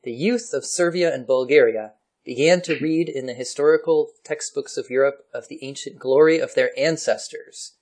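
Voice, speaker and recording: A man casually explaining history on a podcast, chatty and quick to laugh. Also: mid-range voice, a little mellow. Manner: chatty, laughs often, slips into playful voices for historical figures.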